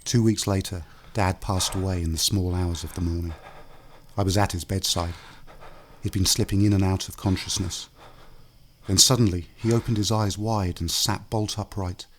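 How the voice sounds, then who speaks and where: A man narrating a scripted horror story in a quiet, measured way. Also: low-pitched, fairly even intonation, slight background noise. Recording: narration over music underscore. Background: music.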